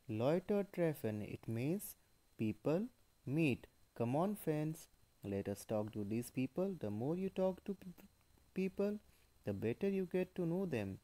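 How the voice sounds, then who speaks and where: A man talks through a language lesson at an unhurried, deliberate pace. He is patient and explanatory, saying each phrase and then translating it. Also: on the high side, very animated, warm tone. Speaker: German teacher.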